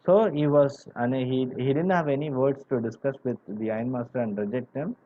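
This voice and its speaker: Male teacher, mellow and middle-pitched, talks a class through a story with lots of "you know", dull lo-fi recording. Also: fairly quick. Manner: explains word by word, many "you know" fillers. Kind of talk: classroom literature lesson.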